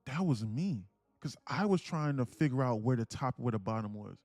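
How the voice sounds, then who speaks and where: A man's voice: medium pitch, animated, moderate pace, a little mellow, dry recording. Brief: young male stream host, emphatic and cussing, mid voice, dry close sound, faint music behind. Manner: passionate, emphatic, swears freely. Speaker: day trading livestream host. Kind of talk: live streaming trading talk.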